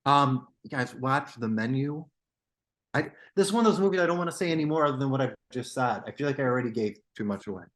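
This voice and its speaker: A young man co-hosting a casual movie podcast, excitable and quick to jump between topics. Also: medium pitch. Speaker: podcast co-host. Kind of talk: casual chat about movies.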